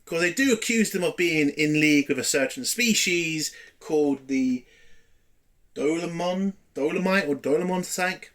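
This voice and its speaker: A man's voice: fairly high pitch, normal speed, fairly bright tone. A man giving a casual spoken review of a TV episode, blunt and exasperated, swearing freely.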